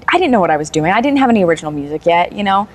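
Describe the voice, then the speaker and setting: A woman's voice: fairly low pitch, very animated, rapid-fire. A woman guest on a talk show, telling stories in casual chat and laughing easily. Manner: warm storytelling, laughs easily. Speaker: guest performer.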